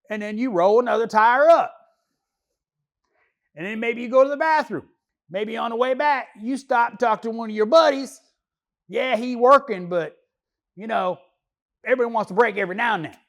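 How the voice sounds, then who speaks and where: A man's voice: very high voice, a bit bright, exaggerated voice. A man playing a lazy male car mechanic who proudly dodges work, talking in a rambling, slangy, joking way with loose grammar. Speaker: auto mechanic. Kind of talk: comedy character monologue.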